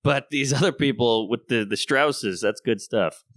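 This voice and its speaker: A man, a comedian, talking in a casual podcast conversation and telling animated stories, acting out the voices of people he quotes. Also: medium pitch, measured pace, no echo, studio quality. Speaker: comedian guest.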